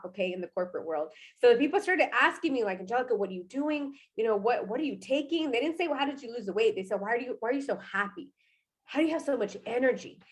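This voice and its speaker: A young adult woman telling her personal success story in an energetic, chatty way, often asking "right?" and saying "y'all.". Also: on the high side. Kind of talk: personal testimonial talk.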